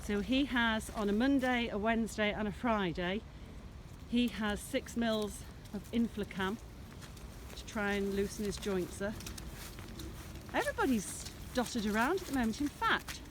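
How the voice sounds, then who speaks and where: Speaking at a measured pace in a medium pitch, a woman leads viewers around her smallholding in an easygoing walking vlog, and the background is noisy. She meanders as she talks, dotes on her animals, and films herself in a farm field using a handheld camera.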